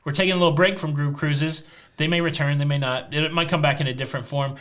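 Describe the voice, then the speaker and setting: A man with a Southern Tennessee accent hosting a live cruise chat show, answering viewer questions with a teasing, deadpan sense of humor. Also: on the high side, quick pace. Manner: joking and teasing, deadpan jokes.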